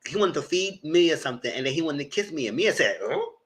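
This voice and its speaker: A man giving a live commentary on a reality dating show, retelling scenes and talking back to the people in them in a sassy, animated way. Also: fast. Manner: jumps to high squeals and laughing bursts.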